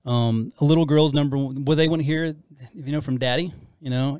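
A man's voice: on the high side, fairly even intonation, a little fast, darkish tone, clear, resonant tone, no echo, studio quality. A middle-aged man co-hosting a casual faith-based talk about marriage, rambling and self-deprecating with frequent restarts. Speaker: podcast co-host.

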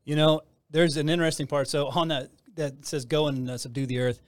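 A man's voice: a little high, fairly even intonation, a little fast, no echo, clean studio sound. A man hosting a casual Christian talk show, who rambles and restarts his sentences often. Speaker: host.

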